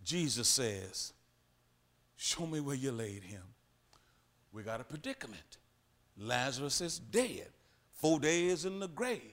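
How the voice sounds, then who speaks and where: A man preaching a sermon. He swings between loud, forceful passages and hushed ones, and acts out Bible characters as he goes. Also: medium pitch, sing-song, slow pace, pauses often. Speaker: pastor.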